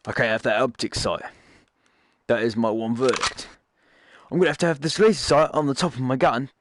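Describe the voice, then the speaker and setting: A man's voice: mid-range voice, fairly even intonation, brisk, noisy background. A man giving casual gameplay commentary, rambling and joking, often cutting himself off to correct what he just said. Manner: rambling, jokey, self-correcting asides. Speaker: gaming YouTuber.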